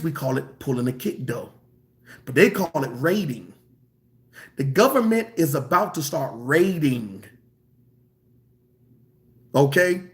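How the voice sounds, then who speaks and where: A man preaching a sermon in an emphatic, colloquial way, repeating phrases for stress and drawing some words out slowly. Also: mid-range voice.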